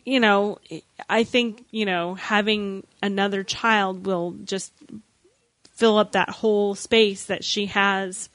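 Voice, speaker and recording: A chatty woman co-hosting a casual recap podcast, her voice sitting at a middle pitch. She gets animated and plays out quoted lines as she talks, all recorded dry and close with no room sound. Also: slow, dry recording. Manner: animated, acts out quoted lines, many restarts. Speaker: podcast co-host. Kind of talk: casual chat recapping a TV episode.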